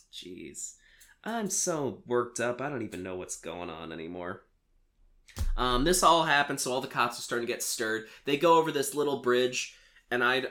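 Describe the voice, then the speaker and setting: A man's voice: medium pitch, a bit bright. A man hosting a casual chat show, recapping a film in a rambling way with lots of filler words and laughs. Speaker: podcast host recapping a film.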